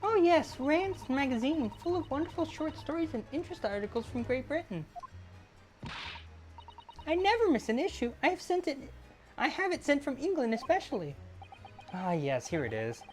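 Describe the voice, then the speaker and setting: A polite, earnest young woman assistant from a game, put on by a gamer, speaking in a high, eager voice. Her lines leap up in pitch with excitement, over faint music. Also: normal speed.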